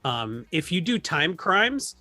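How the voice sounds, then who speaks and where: Sarcastic, animated male podcast co-host. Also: fairly high pitch, slow, no echo, soft background music. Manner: deadpan, sarcastic, riffing jokes. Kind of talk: casual movie review chat.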